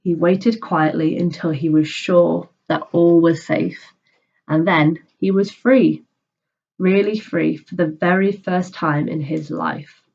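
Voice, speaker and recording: A woman's voice: fairly low pitch, fairly even intonation, slow pace, creaky, a little mellow, dull audio. A woman teacher reading a children's book aloud and patiently explaining it in simple words.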